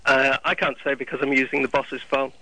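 Fast-talking man with an English accent. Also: mid-range voice, flat delivery, sharp tone, poor audio. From United Kingdom. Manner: chatty, cheeky, jokey. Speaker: caller.

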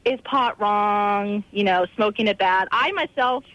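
A woman's voice: mid-range voice, a little slow, no room sound. A young woman, a college student, calling in to a radio show, talking hesitantly with many fillers. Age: young adult. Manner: hesitant, giggly, filler-heavy. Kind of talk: phone-in conversation. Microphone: telephone. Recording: dull, dry phone line.

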